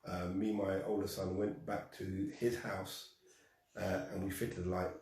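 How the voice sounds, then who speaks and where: A man with a very deep voice tells a personal story with energy. He acts out the dialogue and laughs at himself. He sounds a bit distant from the mic, in a room with a noticeable echo. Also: flat delivery, measured pace, darkish tone. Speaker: guest.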